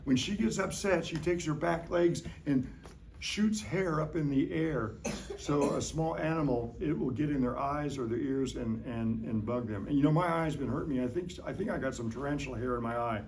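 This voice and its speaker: Middle-aged guy showing critters to a class, jokey and playful, voice a bit high, faint hiss behind. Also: normal speed, darkish tone. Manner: playful, jokey, coaxing questions to children. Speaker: science educator. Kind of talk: hands-on classroom demonstration. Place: elementary school classroom.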